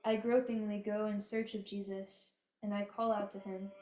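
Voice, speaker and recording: A woman giving a slow, solemn devotional reading in a prayerful, measured manner. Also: mid-range voice, level tone, a little mellow. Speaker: devotional reader. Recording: echoey room.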